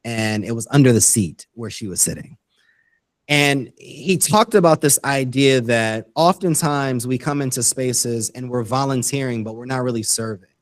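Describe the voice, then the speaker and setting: An earnest man explaining his ideas step by step as a guest on an interview. His voice sits at an ordinary middle pitch, recorded dry and close with no room sound. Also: no room sound. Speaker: guest educator. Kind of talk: interview conversation.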